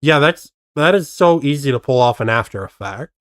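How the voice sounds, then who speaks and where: A man's voice: medium pitch, expressive, moderate pace, a bit bright, no echo, studio quality. A man streaming casual reaction commentary, skeptically picking apart how a video was faked. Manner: skeptical, picks apart tricks.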